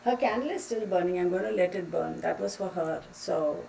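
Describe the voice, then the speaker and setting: A woman's voice: lowish voice, brisk, vocal fry, far from the mic, low-quality recording. A woman talks casually through a livestream, reading out comments and thanking viewers in an affectionate, emotional way. Her voice sits a little back from the mic, with a faint hiss of background noise behind it. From Texas. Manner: warm, calls viewers sweetheart, emotional. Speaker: livestream host.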